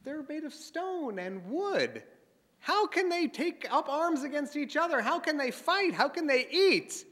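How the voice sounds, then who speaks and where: A man's voice: extremely high pitch, big pitch swings, a little slow, bright, forceful tone, in a large hall, pitched above the performer's own voice, full character voice. A man voicing an angry father who sells idols, firing indignant questions in a storytelling speech. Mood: furious. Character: furious father, an idol seller.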